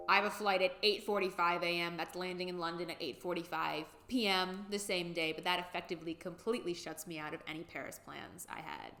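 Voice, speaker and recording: A woman's voice: on the low side, a bit bright. A young woman telling a candid, rambling, emotional travel story in a casual vlog. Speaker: vlogger. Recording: echoey room.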